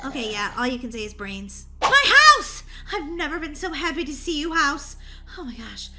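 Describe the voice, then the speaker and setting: A woman voicing an excitable, goofy schoolgirl who stammers and panics in a roleplay voiceover for a game video. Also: high voice, brisk. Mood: panicky. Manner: stammering, breathless and jumpy.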